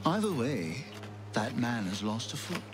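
A man's voice: medium pitch, sing-song, measured pace, noisy background. An actor playing a sly, mocking male informant in a video game, drawling and teasing. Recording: game audio with loud music.

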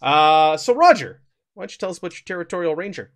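A man's voice: fairly high pitch, sing-song, quick pace. A man hosting and narrating a tabletop role-playing session in an upbeat, chatty way. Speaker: game master.

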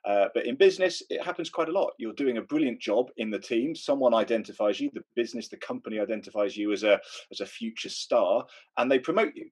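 A man's voice: mid-range voice, fast, darkish tone, husky. A middle-aged British man co-hosting a podcast, explaining points with everyday examples. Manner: conversational, illustrates with examples. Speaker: podcast co-host. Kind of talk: casual chat.

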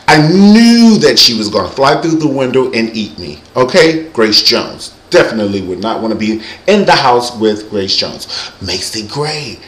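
A man hosting his own show, chatting comically about celebrities in an animated, campy way and mimicking people. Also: mid-range voice, normal speed. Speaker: show host. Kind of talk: comic celebrity chat monologue. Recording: echoey room.

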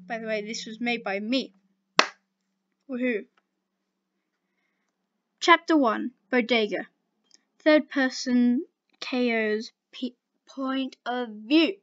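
A woman's voice: a little high, unhurried, a bit bright, dry recording. A woman casually reading fan fiction aloud, with playful, laughing asides, in a dull lo-fi home recording.

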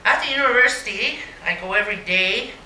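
A woman's voice: medium pitch, fairly quick, pushed and bright, slight background noise. A woman giving a live poetry reading in a museum gallery, with a wry, mocking dry humor. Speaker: poet. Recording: roomy hall, mic at a distance.

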